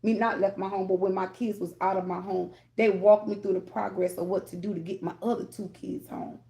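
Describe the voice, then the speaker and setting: A woman with a gravelly, warm voice talks straight to her viewers as a tarot reader. She rambles candidly and keeps checking in with them between thoughts. Her tone stays mellow and informal throughout. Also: medium pitch, steady tone, fairly quick. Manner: candid, rambling, addresses viewers with "y'all" and "okay?". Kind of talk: casual spiritual talk to viewers.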